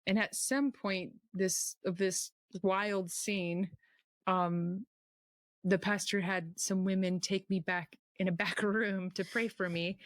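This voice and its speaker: A woman recounts her own story as a personal testimony, her voice leaping high whenever she acts out what someone said. The sound is dry and close, with no room around it. Her pitch sits in the middle for a woman. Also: no echo. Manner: animated, acts out quotes with sudden high pitch jumps. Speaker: testimony speaker.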